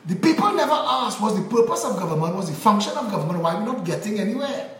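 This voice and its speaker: A man's voice: very high voice, animated, a little fast, roomy sound, slight background noise, low-quality recording. A man with a Trinidadian accent, from Trinidad and Tobago, delivering an angry, emphatic political monologue with repeated rhetorical phrases. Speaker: political commentator.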